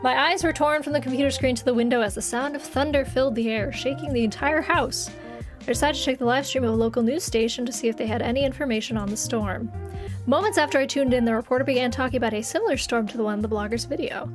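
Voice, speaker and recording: A woman's voice: sits high, quick pace, over music. A woman streamer reading a visual novel game aloud on a live stream, with giggly, chatty asides and playful exclamations.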